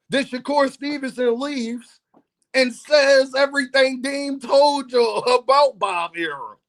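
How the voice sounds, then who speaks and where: A man with a notably high voice talks straight to his viewers. His manner is playful and teasing, and he breaks into laughter often, the way a casual vlog host would. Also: measured pace, a bit bright. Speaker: boxing commentary host.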